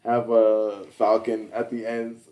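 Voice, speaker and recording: A man's voice: lowish voice, monotone, slow, mellow, dull audio. A man co-hosting a podcast in casual chat, laughing often and swearing between rambling fillers. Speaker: podcast co-host.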